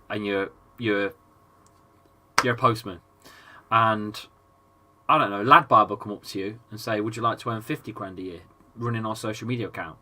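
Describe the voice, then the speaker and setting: An English football fan streamer in his thirties, sick and chesty, casually commentates a live match. His medium-pitched voice is bright and forceful, and he chats, swears now and then, and reads viewer chat aloud between calling the play.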